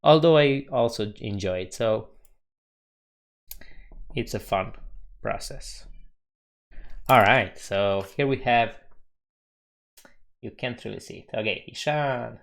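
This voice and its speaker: A man chatting casually on a live coding stream, reading viewer comments aloud with a relaxed manner and frequent chuckles. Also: mid-range voice, slow, vocal fry, pauses often. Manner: relaxed, chuckles often, reads chat aloud.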